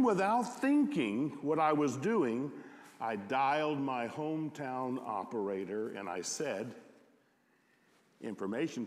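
Slow reflective male storyteller, echoey hall. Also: medium pitch. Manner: slow, reflective, first-person. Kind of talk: storytelling reading at a concert.

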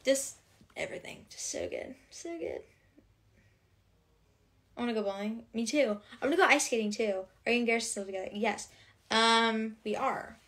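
A woman's voice: fairly high pitch, moderate pace, long pauses, fairly bright tone. A young woman hosting a casual livestream, chatting to viewers and reading out comments in a bubbly, rambling way full of filler words.

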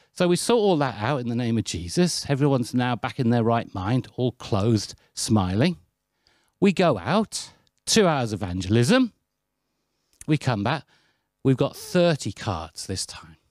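Man from the UK preaching; anecdotal, lively, dry close sound. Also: mid-range voice, no echo. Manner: anecdotal, chatty and lively, with self-deprecating asides. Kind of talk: sermon.

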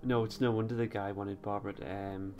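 A man co-hosting a podcast, making thoughtful, measured points in a casual discussion. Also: on the low side, little pitch movement, dull audio, music in the background. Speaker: podcast co-host.

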